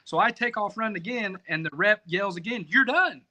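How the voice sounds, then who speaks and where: A man telling a rambling, profane story in casual podcast talk, animated and self-mocking. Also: sits high, a little fast, low-quality recording. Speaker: competition barbecue cook, podcast guest.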